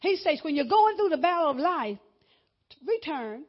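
High, lively-voiced woman preaching a sermon. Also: lo-fi sound. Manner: expressive preaching, reads scripture slowly then speeds up.

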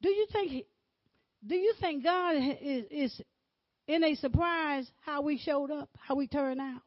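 A woman preaching a sermon, swinging from loud exclamations to hushed whispers. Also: sits high, a little slow, no echo, dull audio.

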